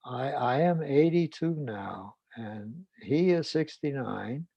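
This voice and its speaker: A man's voice: medium pitch, animated, takes it slowly, vocal fry, slightly rough, dry recording, muffled recording, exaggerated voice. A man quoting a despairing elderly immigrant woman in a faltering, stammering way.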